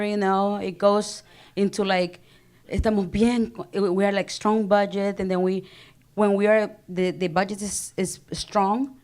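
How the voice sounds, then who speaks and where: A woman's voice: medium pitch, darkish tone. A woman in her thirties with a Salvadoran Spanish accent, a government office director giving a passionate panel speech and switching between Spanish and English. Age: 30s.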